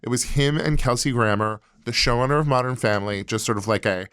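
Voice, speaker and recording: A man guesting on a podcast, telling a story in a chatty, wry way with halting restarts. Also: mid-range voice, a bit bright, clear, resonant tone, dry recording, clean studio sound. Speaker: podcast guest, comedy writer. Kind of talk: casual chat.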